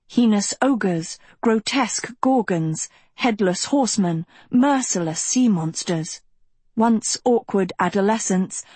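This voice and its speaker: Female audiobook narrator, unhurried expressive delivery, dry close sound. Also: medium pitch, husky, no echo. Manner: measured, expressive storytelling. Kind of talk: scripted narration.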